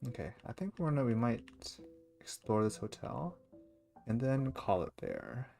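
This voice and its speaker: A man casually chatting while streaming a game, relaxed and chatty. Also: medium pitch, moderate pace, vocal fry, soft background music. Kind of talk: casual gameplay commentary.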